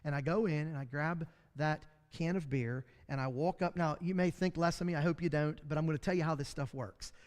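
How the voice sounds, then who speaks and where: A man's voice: fairly high pitch, brisk, few pauses, darkish tone. A man teaching a midweek Bible class in a folksy, storytelling way, with self-deprecating humor. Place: church classroom. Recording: long hall reverb.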